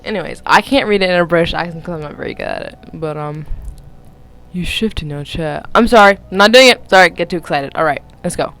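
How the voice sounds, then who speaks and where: A woman's voice: lowish voice, fast talker, hardly any pauses, a bit bright, low-quality recording. A young woman casually reading fan fiction aloud into her phone, giggling, rambling and breaking off to comment on the text. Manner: giggly, rambling, keeps interrupting herself. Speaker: vlogger.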